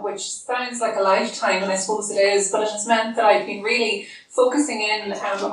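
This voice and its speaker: A middle-aged woman gives an academic lecture by remote link, measured and polite. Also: medium pitch, distant mic. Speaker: guest lecturer. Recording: remote audio played in a very echoey hall, faint hiss.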